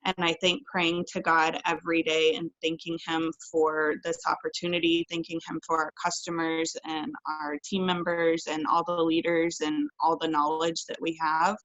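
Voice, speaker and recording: Earnest low-voiced woman giving tips. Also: a bit bright, lo-fi sound. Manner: earnest, repetitive, faith-driven. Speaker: direct sales team member. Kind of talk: sharing tips on a team call.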